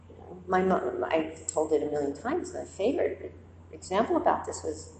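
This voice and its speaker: A woman meditation teacher gives a conversational dharma talk to a group in a quiet meditation hall, her deep, creaky voice at a moderate pace. She tells animated stories and acts out inner voices. The rough recording has a roomy, big-room sound and slight background noise.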